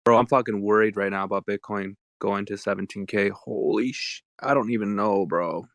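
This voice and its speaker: A man's voice: on the low side, normal speed, fairly bright tone, dry recording, studio quality. A man chatting casually and joking in an online audio chat.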